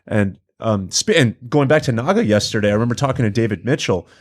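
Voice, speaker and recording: A man's voice: medium pitch, expressive, fast talker. A man appearing as a guest in a casual studio podcast chat, telling stories in a laid-back, slangy way and laughing often.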